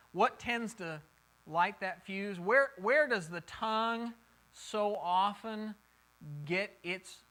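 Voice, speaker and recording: A man's voice: sits high, pushed and bright, rough recording. A man preaching a Bible lesson in a conversational way, often repeating words as he thinks and taking questions from his listeners. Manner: takes questions from the group. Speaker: pastor teaching a Bible study. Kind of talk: sermon.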